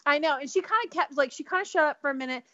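A woman co-hosting a podcast, telling a gossipy story in animated casual chat and laughing often. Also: high voice, racing, no room sound, highs cut off. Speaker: podcast co-host.

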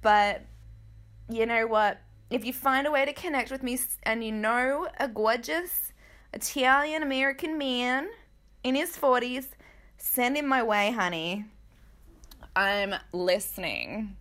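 A woman chats through gossip commentary with a candid, joking manner and quick asides. Her voice sits a little high and sounds bright and sharp. She speaks casually, as if talking to friends. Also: expressive. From Australia. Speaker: podcast host.

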